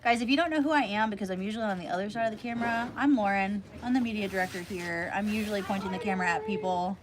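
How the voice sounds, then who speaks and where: A woman hosting a casual livestream as media director, chatty and animated, often laughing. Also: medium pitch, rapid-fire, noisy background. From Texas.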